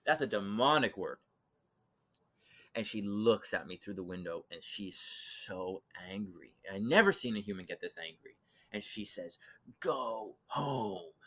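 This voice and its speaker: A young man telling a personal eerie story as a podcast guest, animated, acting out voices and swinging from loud to hushed. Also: mid-range voice. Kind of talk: dramatic storytelling in conversation.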